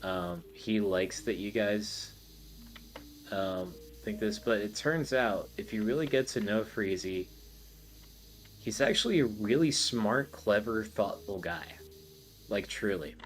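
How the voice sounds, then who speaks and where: A man's voice: fairly low pitch, slow pace, slight background noise. A man hosting a podcast in casual chat, rambling and swearing with many fillers. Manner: rambling, profane, full of fillers. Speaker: podcast host.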